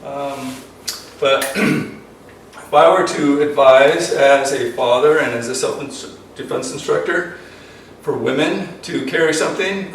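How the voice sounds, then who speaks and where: A man's voice: mid-range voice, slow pace. An older man, a self-defense instructor, talking earnestly and emotionally in a rambling way full of ums. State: emotional, choked up. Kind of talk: casual instructional talk to camera. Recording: very echoey, distant from the mic, faint noise.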